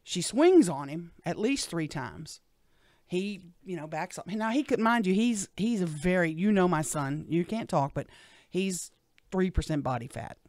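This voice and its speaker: A middle-aged woman, a radio show guest telling a personal story in an animated way. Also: fairly low pitch, unhurried, no echo. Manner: animated storyteller, acts out what others said.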